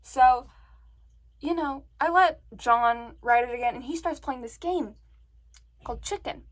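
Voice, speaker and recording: A woman vlogger telling a story to the camera in a chatty, animated way. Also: high-pitched, unhurried. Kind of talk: casual story time.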